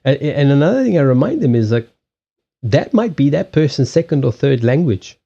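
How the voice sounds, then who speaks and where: A man's voice: medium pitch, sing-song, moderate pace, vocal fry, mellow, lo-fi sound. A man with a Southern African English accent, hosting a casual livestream chat with viewers, rambling with lots of restarts, laughing often and swearing bluntly. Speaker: livestream host doing card readings.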